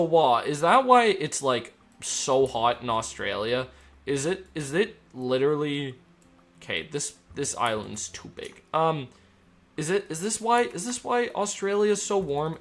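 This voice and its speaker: Joking young man with lively pitch. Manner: joking, rambling, reads chat aloud. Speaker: streamer. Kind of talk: casual live-stream chat while gaming.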